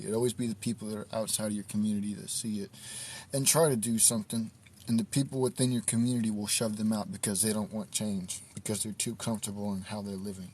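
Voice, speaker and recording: Man, low voice, easygoing reflective streamer, outside at night, faint ambient hum behind. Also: darkish tone. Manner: laid-back, reflective, drawn-out talk. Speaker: livestream host. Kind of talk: casual livestream monologue. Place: outdoors at night in the cold.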